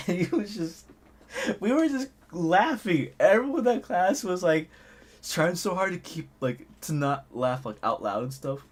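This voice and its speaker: A man's voice: fairly high pitch, very animated, moderate pace. A young man casually telling a school anecdote, laughing often and packing in fillers. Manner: loose, laughing, filler-heavy storytelling. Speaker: channel host.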